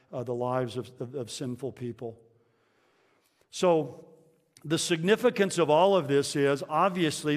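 A man preaching a conversational sermon to his congregation, pausing with fillers and restarting phrases. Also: a little high, long reverb tail. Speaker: pastor.

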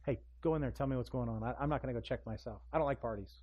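A man voicing a sulky, resentful older brother who grumbles quickly and dismissively. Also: mid-range voice, dull audio, natural voice.

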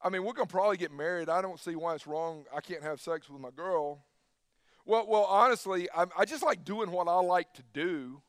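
Male pastor, sermon delivery, emphatic, slightly high voice, dry close sound. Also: a little fast, dry recording.

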